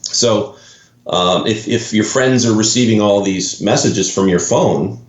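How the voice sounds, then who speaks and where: A man, a guest in an interview, explaining an idea through a metaphor with halting restarts. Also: fairly low pitch, reverberant.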